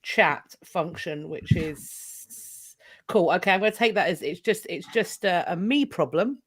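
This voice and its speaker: A woman's voice: lowish voice, lively intonation, unhurried, slightly rough. A woman co-hosting a history livestream, playful and hesitant, over a video call. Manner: playful, hesitant, many restarts. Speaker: history podcast co-host. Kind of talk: casual livestream chat.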